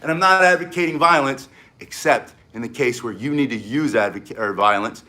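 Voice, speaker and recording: An older American man with an excitable, energetic manner, teaching self-defense in a live-streamed martial arts lesson and barking short emphatic commands. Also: medium pitch, a little fast. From United States. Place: home in South Florida.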